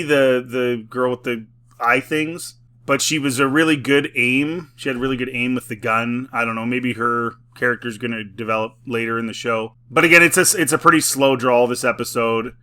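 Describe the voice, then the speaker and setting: A man with a bright, forward voice talks through a review in a loose, rambling way. He leans on filler words, chuckles often and slips into dry sarcasm. His pitch stays at an ordinary middle level. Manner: mocking, sarcastic. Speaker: film and TV reviewer. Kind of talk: casual spoken review.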